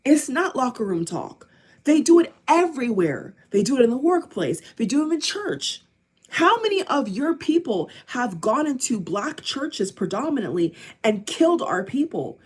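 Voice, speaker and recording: A woman's voice: sits high, very animated, normal speed, a little mellow, breathy edge. A woman from the United States vlogging an angry political rant to camera, hammering the same phrases again and again. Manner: heated, repeats phrases over and over.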